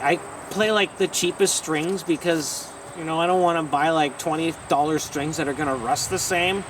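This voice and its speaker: A young man from Ontario, Canada, with a high voice, answering fan questions with shouty, loose energy and frequent swearing. He sits back from the mic. Street and car noise come through clearly behind him. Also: recorded from a distance. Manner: loud, shouty and excitable, swearing casually. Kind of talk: casual vlog Q&A.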